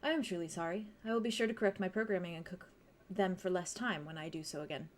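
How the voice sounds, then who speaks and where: A woman's voice: lowish voice, fast, a little hiss or hum, lightly acted. A woman voicing a polite male robot servant who talks in a stiff, formal, apologetic way.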